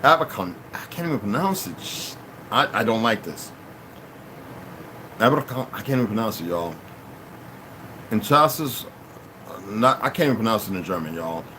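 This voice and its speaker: A man's voice: fairly low pitch, lively intonation, fast, background noise. A man hosting his own channel, reading a text aloud and breaking off into casual asides to his listeners. He stumbles over hard words and restarts often. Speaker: channel host.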